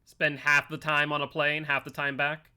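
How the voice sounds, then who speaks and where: A man's voice: fairly high pitch, monotone, moderate pace, pushed and bright, clean tone. A man streaming a horror game live, chatting casually with viewers and commenting on his play in a playful, teasing way. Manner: chatty, reads chat aloud, playful teasing.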